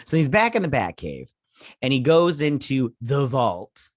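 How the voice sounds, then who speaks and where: A man's voice: mid-range voice, very animated, unhurried, dry recording. Male show host, casual review, loose rambling delivery, swears freely, medium voice, dry room. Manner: rambling retelling, many fillers like "like" and "he's all like".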